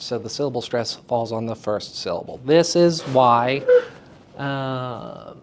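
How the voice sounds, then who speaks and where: A man teaching a class of young actors, lively and enthusiastic, often checking in with questions to his students. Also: a little high, clean tone. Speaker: theater teacher giving a lecture. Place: school hall with student audience.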